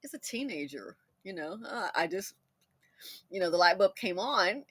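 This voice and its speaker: A middle-aged woman hosting a commentary video, telling personal stories in a chatty, animated way and laughing as she goes. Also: on the low side, moderate pace, slightly rough, no room sound. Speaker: commentator host. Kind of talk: casual storytelling commentary.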